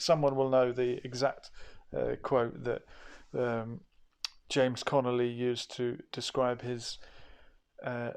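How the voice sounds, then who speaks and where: A man hosting a talk show, speaking in a measured way with frequent pauses and hesitations. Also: medium pitch. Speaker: show host. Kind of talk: talk-show monologue on history.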